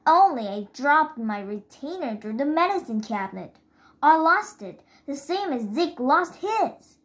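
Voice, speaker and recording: Earnest polite young boy read by a woman, slow, fairly high, storybook. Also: sing-song, a bit bright, exaggerated voice. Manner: polite, pleading, says sir.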